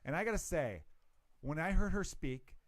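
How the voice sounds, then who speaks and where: A man's voice: fairly high pitch, lively intonation, normal speed, dry recording. A man from Chicago hosting a comedy podcast, rambling and joking with a lot of swearing. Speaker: podcast host. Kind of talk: casual comedy podcast chat.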